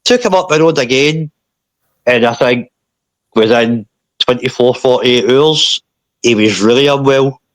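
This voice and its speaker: A man, a podcast guest, recounting a painful personal story in a halting way, often repeating himself and saying mate. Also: mid-range voice, no room sound.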